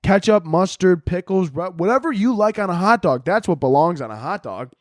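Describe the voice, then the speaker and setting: A young man from the Chicago area rambles through a casual solo podcast, crude and joking, full of fillers and asides. His voice sits a little high. The sound is dry and close to the mic. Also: animated, a little fast, dry recording. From Chicago area, United States. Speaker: podcast host.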